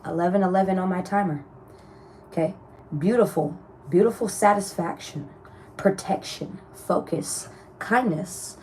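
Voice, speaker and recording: A woman with a mellow, warm voice gives a casual tarot reading to her viewers in a chatty, blunt way. She laughs often, swears freely and calls her listeners love. A faint hiss of room noise sits behind her. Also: on the low side, measured pace. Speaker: tarot reader.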